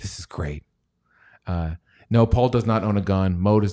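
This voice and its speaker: A man's voice: low-pitched, animated, moderate pace, long pauses, darkish tone. A man hosting a casual stock livestream, rambling and joking, sometimes dropping to near-whispers. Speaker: stock show host; chemist.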